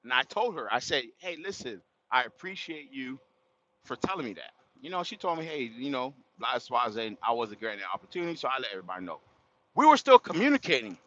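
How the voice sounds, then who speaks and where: A man's voice: mid-range voice, very animated, fast talker, fairly bright tone. A man telling a story to his livestream chat in a casual, slangy way, often laughing and exclaiming. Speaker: livestream host. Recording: dull lo-fi sound.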